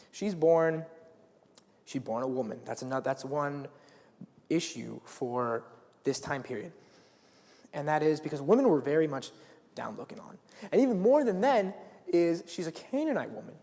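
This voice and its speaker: A man's voice: on the high side, darkish tone. Earnest teenage boy preaching in a hall. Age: late teens. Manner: earnest, conversational, with restarts and "like". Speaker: student speaker. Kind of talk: youth sermon retelling a Bible story. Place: school chapel or hall, live. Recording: long hall reverb.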